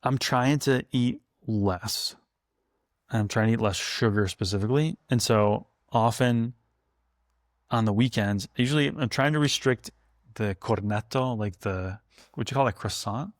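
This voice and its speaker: A man speaking as a food historian guest, telling anecdotes in a chatty, animated way. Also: mid-range voice, measured pace, dry recording, clean studio sound. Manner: chatty storyteller, animated and laughing. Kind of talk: casual conversation.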